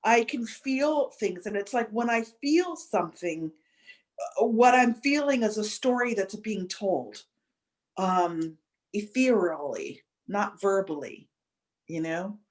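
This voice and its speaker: A woman's voice: mid-range voice, lively intonation. Woman telling a story, close to tears. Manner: halting, many restarts and fillers, emotional. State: near tears. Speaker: podcast guest. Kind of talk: reflective storytelling.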